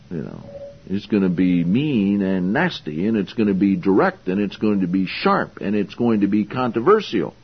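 A male preacher delivers a sermon in a husky voice with a lively, swooping pitch. He is blunt and confrontational and fires off rhetorical questions. The recording is slightly dull and lo-fi. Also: normal speed. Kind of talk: sermon, Bible exposition.

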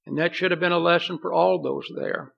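A man's voice: high-pitched, steady tone, brisk, vocal fry, breathy edge. A man preaching a sermon in an earnest, folksy way, reading scripture aloud. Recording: dull lo-fi recording.

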